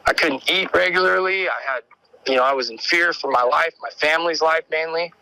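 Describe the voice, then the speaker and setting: A man's voice: a little high, a little fast, creaky, pushed and bright, poor audio. A man calling in to tell an encounter story, rambling and repeating words as he acts out what people said. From Oregon. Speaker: caller sharing an encounter story. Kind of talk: animated storytelling.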